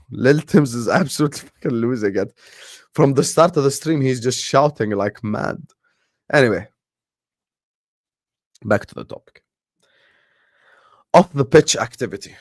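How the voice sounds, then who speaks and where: A young man talks straight to his live-stream viewers, repeating his points with emphasis and dropping slang as he goes. His voice sits at an ordinary middle pitch. The recording is close and dry, with no room sound. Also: dry recording. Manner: emphatic and repetitive, slangy, addresses viewers directly. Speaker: football channel host. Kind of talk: live-stream commentary and chat.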